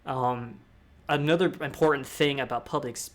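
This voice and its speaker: A man's voice: medium pitch, fairly even intonation, normal speed. A young man from the United States giving a casual, rambling talk on public speaking, with restarts and asides. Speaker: discord talk host.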